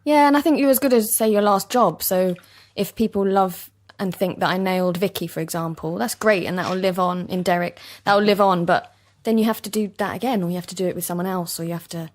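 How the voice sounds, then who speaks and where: Young East London actress, relaxed and chatty, lower voice, self-deprecating laughs. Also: female voice, quick pace, hardly any pauses. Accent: soft East London. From East London, England. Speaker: actor guest. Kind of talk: casual interview chat. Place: basement recording studio.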